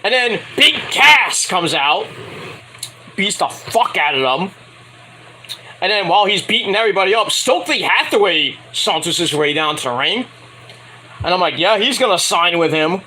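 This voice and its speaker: A man's voice: sits high, normal speed, pauses often, a little hiss or hum. A man casually recapping a wrestling show in a rambling, profane way, acting out what the wrestlers said in mock voices. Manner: rambling, animated, acts out quotes in mock voices.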